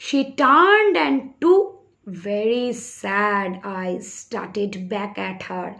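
A woman's voice: medium pitch, big pitch swings, slow, vocal fry, fairly bright tone, highs cut off. A woman with a Bengali accent teaching an English story lesson to young children, reading lines aloud and explaining them in simple words. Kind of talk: online English literature lesson.

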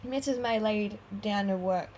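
A woman calmly reading a storybook aloud as narrator. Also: mid-range voice, a little slow, a little hiss or hum, low-quality recording. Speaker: audiobook reader.

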